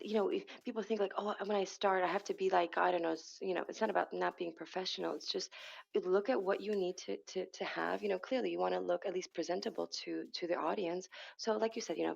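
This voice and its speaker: Gravelly-voiced woman rambling in an interview. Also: mid-range voice, steady tone, quick pace, muffled recording. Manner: rambling, with frequent restarts and self-corrections. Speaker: podcast guest, hypnotherapist and energy healer. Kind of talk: casual conversational interview.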